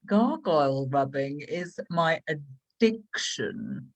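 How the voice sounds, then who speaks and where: A woman improvising an overeager, flirtatious admirer who speaks in a breathy, suggestive drawl over a video call. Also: low-pitched, animated, slow pace, exaggerated voice. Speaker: improv performer. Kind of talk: improvised comedy scene.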